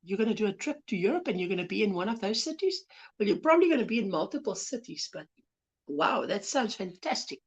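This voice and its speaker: A soft-spoken woman with a South African accent, hosting a casual crochet livestream, greeting viewers affectionately and reading their comments. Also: medium pitch, sing-song, fast, slightly rough. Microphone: phone.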